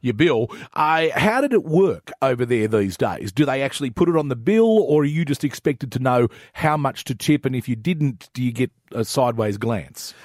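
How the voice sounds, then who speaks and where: A man's voice: mid-range voice, lively intonation, normal speed, few pauses, a little mellow, dry recording, clean studio sound. A man hosting a casual podcast chat, joking around and steering the talk with questions. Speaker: host.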